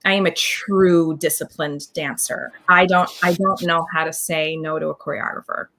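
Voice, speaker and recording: Lively bright-voiced woman telling a story. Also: low-pitched, moderate pace. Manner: animated, scats dance counts, acts out quotes. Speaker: guest performer. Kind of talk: casual interview chat.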